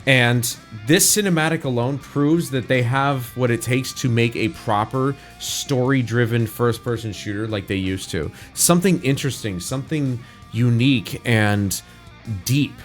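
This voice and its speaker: A young man talks through a game trailer in a loose, rambling reaction commentary, restarting sentences and speaking his mind candidly. His voice sits at an ordinary middle pitch, with soft music faintly audible beneath him. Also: unhurried. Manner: rambling, candid, frequent restarts and filler words. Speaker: reaction video host. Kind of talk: casual spoken reaction commentary.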